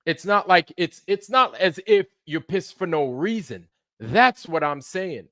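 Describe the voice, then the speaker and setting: A man streaming live, ranting in a heated, profane way, repeating himself and swinging between low mutters and loud outbursts. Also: expressive, unhurried, no room sound, clean studio sound. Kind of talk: heated livestream rant.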